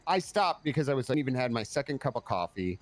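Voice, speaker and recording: A man speaking in character during a game roleplay, with a voice of middling pitch. He rambles and swears freely, and he sounds tired as he circles back over his own sentences. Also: big pitch swings, fast. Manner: rambling, profane storytelling with many restarts. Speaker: police commander in roleplay.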